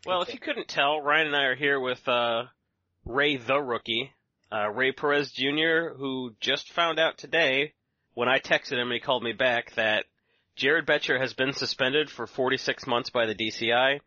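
A man hosting a podcast, setting up interview questions in a steady, news-like way. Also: medium pitch, moderate pace, dry recording. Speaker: podcast host. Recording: dry, dull lo-fi recording.

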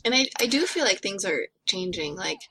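A woman co-hosting a casual podcast, telling stories in a chatty, relaxed way. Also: medium pitch, moderate pace, breathy edge. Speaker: podcast co-host.

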